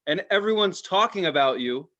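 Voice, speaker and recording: A man in his forties, a podcast co-host telling animated, profane stories and laughing at his own lines. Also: sits high, normal speed, lo-fi sound. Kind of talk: casual storytelling.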